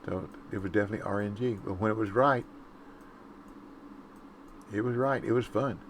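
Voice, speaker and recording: A man's voice: lowish voice, moderate pace, a little hiss or hum. A man casually commenting while playing a fishing game, chatting to viewers and humming to himself. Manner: laid-back, chatty, hums and sings to himself. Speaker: gaming streamer.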